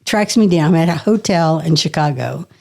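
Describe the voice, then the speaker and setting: A middle-aged woman, a guest on a relaxed podcast, tells a story at normal speed with lively energy and plenty of laughter. Her voice sits a little low with a creaky texture, and she lets the occasional swear word slip.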